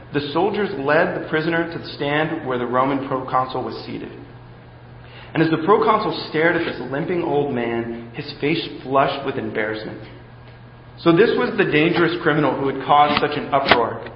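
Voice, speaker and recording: A man's voice: on the high side, slight background noise. A man preaching a sermon, reading a story aloud with dramatic storytelling. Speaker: pastor. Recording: echoey hall, slightly dull.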